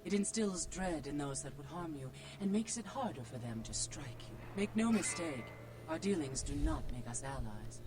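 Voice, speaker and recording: A man's voice: fairly high pitch, lively intonation, close to an everyday voice. A man playing an aloof vampire dealer. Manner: measured and aloof. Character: cold, secretive male vampire dealer. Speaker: game character. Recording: game audio with background noise.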